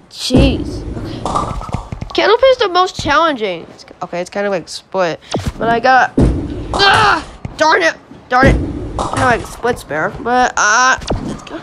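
A channel host giving rambling commentary on a mobile game, who yelps and groans at misses. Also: female voice, on the high side, heavy background noise. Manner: rambling, restarts sentences.

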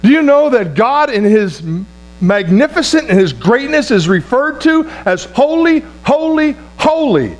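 A man with a notably high voice preaches to his congregation, leaning hard on repeated words and asking for an amen. He stumbles and restarts phrases as he goes. A low electrical hum sits under the recording. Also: very animated, unhurried. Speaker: pastor. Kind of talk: sermon.

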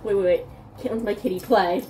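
A woman's voice: medium pitch, a little fast, noisy background. A young woman from Newfoundland vlogging in a rambling, giggly casual chat, saying "like" a lot. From Newfoundland, Canada. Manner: chatty, rambling, giggly, heavy use of "like".

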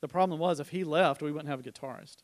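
A man's voice: a little high, quick pace. A middle-aged man giving a conversational sermon at church, telling personal stories with informal restarts and asides. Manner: informal storytelling, frequent restarts. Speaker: church speaker.

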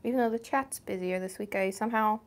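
A woman's voice: mid-range voice, quick pace. A young woman co-hosting a live art stream from a home studio, chatting in an easygoing, rambling way. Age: young adult. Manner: easygoing, rambling, many fillers and restarts. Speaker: co-host and chat moderator. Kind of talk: casual chat.

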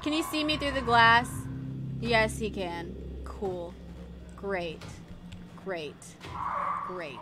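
A young woman streaming a horror game, swearing, muttering low and yelping in fright. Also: slow pace, long pauses, noisy background. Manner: jumpy and profane, mutters low then yelps in fright. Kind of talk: casual let's-play commentary.

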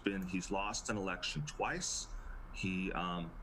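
A man's voice: low voice, sharp tone, a little hiss or hum, rough recording. A male teacher speaking hesitantly with fillers to his online class. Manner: hesitant, halting.

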